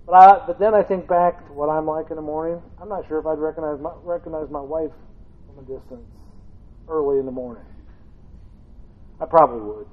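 High-voiced male preacher on a tinny line. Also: a little fast, pauses often. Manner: humorous storytelling, acting out voices from the reading. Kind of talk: conversational sermon. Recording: tinny phone-like sound.

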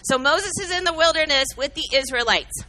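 A woman's voice: high voice, brisk, bright, forceful tone, poor audio. A middle-aged woman giving an earnest, emotional sermon-style talk, telling a story and teaching from the Bible, calling out to listeners by name. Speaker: speaker at a church gathering.

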